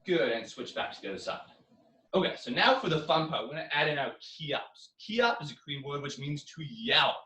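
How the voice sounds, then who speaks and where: A man's voice: a little high, expressive, brisk, a little hiss or hum. Young male karate coach, echoey room. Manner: coaching, counting drills with loud yells. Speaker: karate instructor. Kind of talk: online exercise class. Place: living room. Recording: echoey room, far from mic.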